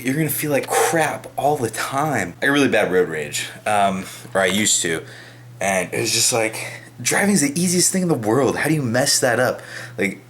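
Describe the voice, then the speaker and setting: A man's voice: mid-range voice, fairly bright tone. A young man vlogging casually at home, rambling with offhand, self-mocking asides. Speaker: fitness vlogger. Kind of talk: casual vlog narration. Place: home, kitchen and bathroom. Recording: home video with clear background noise.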